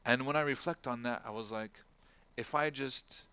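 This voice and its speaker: At normal speed, a man speaks in a mid-range voice that's bright, forceful and clean. He gives a casual religious lecture as an imam, telling a story, raising his voice to portray its characters, and dropping in Arabic words and phrases.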